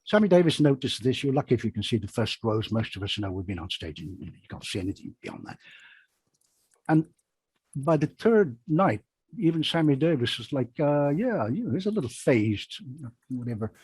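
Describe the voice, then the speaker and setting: A man's voice: medium pitch, sing-song, normal speed, a little mellow, breathy edge, no room sound. A man, a magician, telling a rambling show-business story in a panel chat over a video call, often correcting himself.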